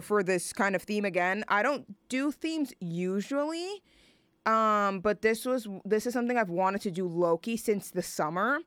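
A woman's voice: medium pitch, fairly bright tone, clean tone, dry recording. A young woman hosting a radio show, chatting casually and rambling with fillers and self-mocking asides. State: out of breath from dancing.

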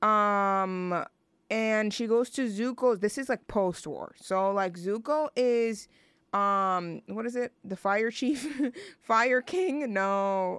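A woman's voice: mid-range voice, slow, a bit bright, smooth, no echo. A young woman hosting a radio show, chatting casually and rambling between songs with lots of fillers.

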